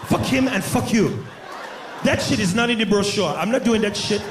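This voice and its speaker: A comedian voicing a blunt adult male safari guide who refuses to go near lions, loud and hammy. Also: high voice, lively intonation, normal speed, echoey room, background noise, pitched above the performer's own voice. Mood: defiant. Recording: live club mic, crowd laughter.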